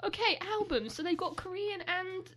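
A woman's voice: very high-pitched, moderate pace, fairly bright tone, slight background noise. A woman in her late teens co-hosting a casual chat, giggly and self-deprecating. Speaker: co-host.

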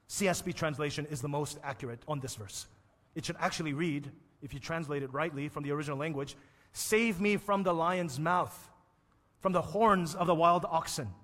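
A man's voice: a little high, fairly bright tone, long reverb tail. A man preaching a sermon as pastor, building his rousing points through repeated phrases.

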